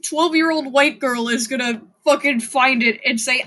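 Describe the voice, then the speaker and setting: A young woman hosting her own podcast alone, ranting casually with lots of swearing and self-mockery, now and then breaking into shrill shouts. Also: normal speed, few pauses. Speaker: podcast host. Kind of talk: casual solo podcast rant.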